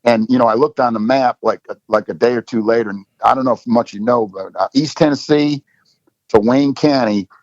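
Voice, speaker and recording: A man's voice: mid-range voice, brisk, a little mellow, no room sound. A middle-aged man, a football coach, telling stories in a casual interview with lots of "you know" fillers. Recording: dull lo-fi dry recording.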